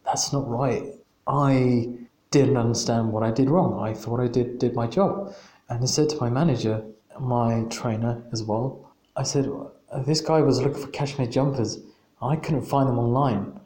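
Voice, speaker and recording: Male podcast host, casual storytelling, stop-start delivery with self-repeats, mid pitch, echoey room. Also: fairly even intonation, warm tone. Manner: halting, repeats words, laughs at himself. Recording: roomy echo.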